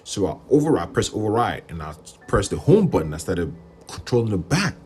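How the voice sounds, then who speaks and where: A man with a very low voice hosts a livestream and tells a long story in a loose, rambling way. He gets animated and jumps up in pitch when he acts out what other people said. Faint music plays underneath. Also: fairly quick. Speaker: livestream host.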